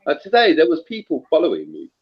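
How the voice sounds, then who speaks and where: A man's voice: a little high, quick pace, breathy edge. A man in a heated casual chat, swearing freely and telling stories with lots of slang. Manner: profane, animated storytelling with slang. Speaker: voice chat participant. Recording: dull lo-fi online audio.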